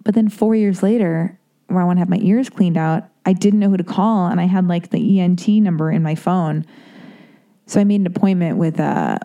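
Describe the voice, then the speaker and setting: A young woman hosts a podcast and tells a winding personal story. Her voice sits low and mellow. She swears a lot and pokes fun at herself as she goes. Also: brisk, highs cut off. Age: young adult. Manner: rambling, profane, self-mocking. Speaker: podcast host. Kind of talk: casual storytelling monologue.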